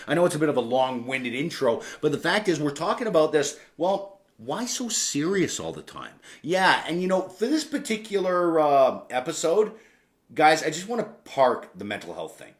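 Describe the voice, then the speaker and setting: A man's voice: medium pitch, expressive, normal speed. A man in his forties, a podcast host, telling a candid personal story in a casual, conversational way with frequent asides and casual swearing.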